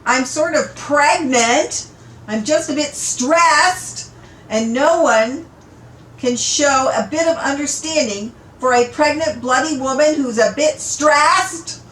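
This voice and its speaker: A woman's voice: takes it slowly, fairly bright tone, echoey room, rough recording. Woman voicing a stressed, tearful pregnant woman. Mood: sobbing. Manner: shrill, sobbing protests.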